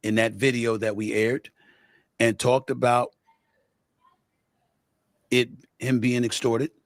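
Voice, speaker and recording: A man giving measured spoken commentary, deliberate and weighing both sides of a case. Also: medium pitch, level tone, no echo, clean studio sound. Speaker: sports show producer.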